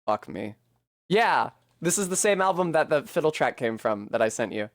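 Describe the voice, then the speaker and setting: A man with a somewhat high voice thinks aloud while he plays a game on stream. His talk rambles and turns self-deprecating, with the odd swear. The recording is close and dry. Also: very animated, moderate pace, no echo. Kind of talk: casual commentary while playing.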